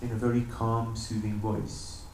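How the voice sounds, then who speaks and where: A man's voice: lowish voice, little pitch movement, measured pace, a little mellow, slight background noise. A man giving a morning lecture in a temple, telling a story animatedly and putting on the characters' voices. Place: temple hall. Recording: very echoey hall, mic at a distance.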